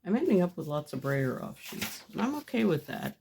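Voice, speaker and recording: With a fairly low, gravelly, slightly mellow voice, big pitch swings and a slightly fast pace, a woman talks through her gel plate printing in her home craft studio. The mixed media artist is chatty and self-deprecating, laughing at herself often, and there's a little hiss or hum.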